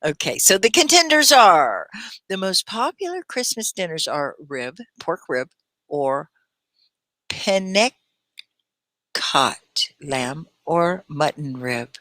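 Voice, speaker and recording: A woman teaching a live online English class, speaking with careful, clear diction and warm encouragement as she reads out her students' comments. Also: low-pitched, very animated, a little slow, no room sound. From Texas. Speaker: ESL teacher. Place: at home in central United States.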